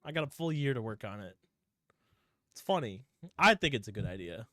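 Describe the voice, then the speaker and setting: A young man co-hosting a podcast, telling a story casually with lots of swearing and quick put-on voices for the characters. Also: medium pitch, no echo, studio quality. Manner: animated, profane storytelling, acting out characters in voices. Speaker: podcast co-host. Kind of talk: casual chat.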